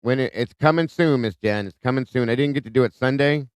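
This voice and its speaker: Guy hosting a livestream, greets everyone by name, smooth voice, dry sound. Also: mid-range voice, fairly quick, dry recording. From Ohio. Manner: friendly, greets viewers by name. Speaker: livestream host. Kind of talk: casual live chat reading viewer comments. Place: home in Ohio.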